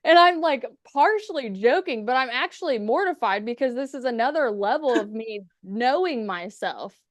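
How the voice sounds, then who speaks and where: A woman's voice: fairly high pitch, animated, normal speed, dry recording. A woman chatting as a podcast guest, telling stories casually, swearing freely and acting out the quotes. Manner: chatty, profane, acts out quotes. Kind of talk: casual storytelling.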